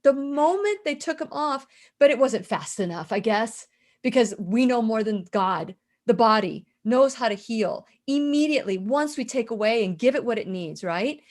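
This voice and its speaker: A woman's voice: on the high side, animated, moderate pace, darkish tone. A middle-aged woman hosting a radio interview, telling a personal story in an impassioned, emphatic way and often repeating her words. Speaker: radio show host.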